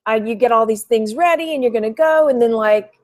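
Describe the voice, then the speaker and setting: A woman's voice: on the high side, fairly quick. Rambling, chatty woman live-streaming. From Texas. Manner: rambling, heavy on "you know" fillers, greets viewers mid-story. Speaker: thrift reseller vlogger. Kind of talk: casual live-stream chat.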